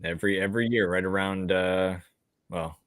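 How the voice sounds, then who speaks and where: A man hosting a casual live talk show, relaxed and steering the segment. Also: sits low, normal speed, no room sound, studio quality. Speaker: host. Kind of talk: casual podcast chat.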